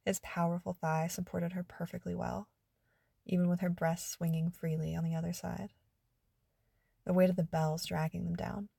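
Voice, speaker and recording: A woman narrating an adult story in a soft, hushed, intimate reading. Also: fairly low pitch, gravelly, husky, no room sound.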